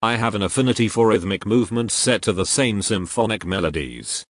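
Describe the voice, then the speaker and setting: A man's voice: on the low side, expressive, brisk, a bit bright, no echo. A man dubbing short comedy sketches, speaking every line in a stiff, overly wordy, formal way. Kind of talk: comedic dub of cartoon sketches.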